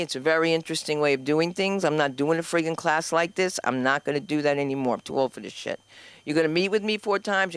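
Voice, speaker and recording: Female comedy host, New Jersey accent, brash and profane; smooth, dry close-miked sound. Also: on the low side, a bit bright, no room sound. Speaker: comedy school owner and host. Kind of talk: stand-up comedy. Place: comedy club stage.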